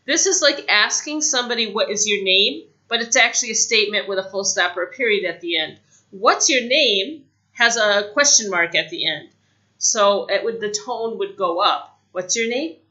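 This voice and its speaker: A woman giving a casual spoken English lesson, chatty, saying example phrases slowly. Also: mid-range voice, bright, forceful tone, muffled recording. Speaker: English teacher.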